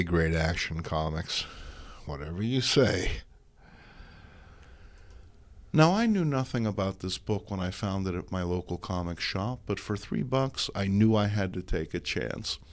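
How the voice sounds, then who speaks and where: A man's voice: fairly low pitch, dry recording. A man hosting a show, narrating comic book reviews with a wry, sarcastic manner. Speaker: host.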